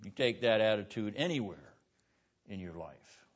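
A man's voice: lowish voice, expressive, moderate pace. Emphatic male lecturer in a classroom. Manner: emphatic, with rhetorical questions; quizzes students by name. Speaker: seminary lecturer. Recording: dull lo-fi classroom recording.

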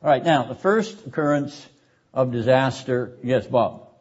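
An older male seminary lecturer explains a text in a deliberate, emphatic classroom manner, hammering key words through repetition. He clears his throat often between points. The lecture recording sounds dull and lo-fi. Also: mid-range voice, expressive.

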